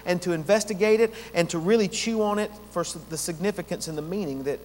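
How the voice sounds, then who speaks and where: High-voiced preacher man in a reverberant hall. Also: a little mellow. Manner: earnest preaching, slowing down to stress key words. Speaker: pastor. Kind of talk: expository sermon.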